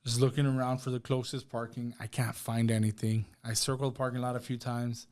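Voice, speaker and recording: A man's voice: medium pitch, level tone, fairly quick, darkish tone. A man, a podcast guest telling a personal story in casual conversation, often asking "right?" and saying "bro". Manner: conversational, retells with quoted dialogue, fillers like "right?" and "bro".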